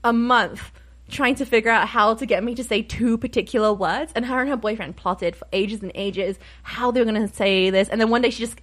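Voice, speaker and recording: A woman's voice: fairly high pitch, a bit bright. A young woman with a southwest London English accent, telling stories in casual group chat and laughing easily. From England, southwest London. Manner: chatty, storytelling, quick to laugh.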